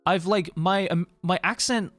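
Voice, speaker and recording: A man's voice: high voice, measured pace, fairly bright tone, no room sound, faint music behind. A man from Australia with an Australian accent, chatting casually with stream viewers, tired, rambling and swearing casually. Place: Tokyo.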